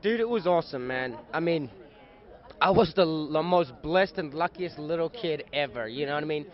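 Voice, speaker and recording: A young man with a fairly high voice tells stories in a lively, joking way during a casual convention interview. The sound is dull and lo-fi, recorded outdoors at a busy event. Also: normal speed. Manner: animated, playful, chatty storyteller. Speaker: actor guest.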